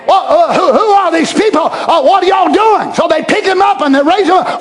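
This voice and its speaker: A man preaching a sermon, swinging from shouted proclamations to hushed, drawn-out asides. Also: extremely high pitch, animated.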